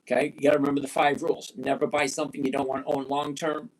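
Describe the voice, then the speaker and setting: A man in his sixties hosting a live stock-trading chat, blunt and emphatic, repeating key points slowly. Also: mid-range voice, little pitch movement. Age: 60s. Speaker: livestream host.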